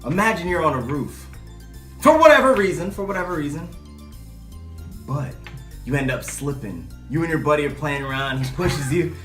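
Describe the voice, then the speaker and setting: A man in casual chat as co-host, posing lively what-if scenarios. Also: on the high side, moderate pace, long pauses, reverberant, soft background music.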